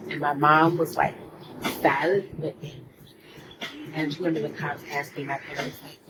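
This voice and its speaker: Low-voiced woman, soft and halting. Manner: soft-spoken and halting, often dropping to a near whisper. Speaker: vlogger. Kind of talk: casual storytime monologue. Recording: steady background noise.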